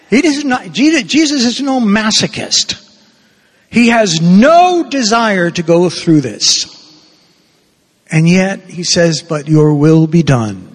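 An older man delivers a sermon as a parish priest, his voice a little husky and pitched somewhat high. He speaks very slowly, leaning on pauses for weight. The church rings with a long reverb around him. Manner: slow, deliberate preaching with emphatic pauses.

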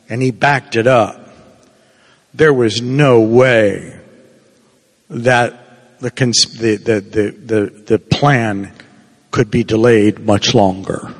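A man's voice: mid-range voice, a bit bright, long reverb tail. A man preaching a sermon, telling the story in a conversational way and acting out the voices of the people in it.

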